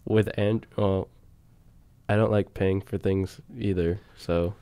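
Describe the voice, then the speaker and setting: A young man co-hosts a casual radio show, his low voice smooth and clear on a dry close mic. He rambles through numbers and song introductions, laughing and filling pauses with "um". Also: steady tone, warm tone, dry recording. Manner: rambling, laughs often, trails off into fillers.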